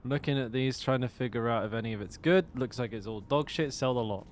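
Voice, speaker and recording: A man's voice: mid-range voice, fairly quick, a little hiss or hum. An English man with a West Country accent, chatting casually to his live-stream viewers, rambling and swearing now and then. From England. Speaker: game streamer.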